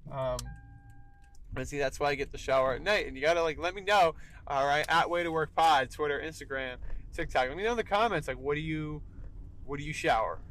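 A man's voice: on the high side, fairly quick, fairly bright tone, low-quality recording. A young man hosting a solo podcast, talking emphatically and tagging "all right" onto his points. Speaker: podcast host.

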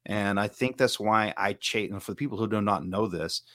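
A man's voice: fairly low pitch, normal speed, a bit bright, no room sound. A middle-aged man from the Southern United States, a martial arts instructor, talking in an earnest, rambling way in a casual podcast chat. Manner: rambling, earnest, self-correcting.

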